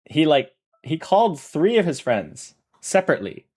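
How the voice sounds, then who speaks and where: A man's voice: a little high, big pitch swings, normal speed, darkish tone, slightly rough. A man chatting casually on a livestream, rambling through a story, correcting himself often and laughing. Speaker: streamer.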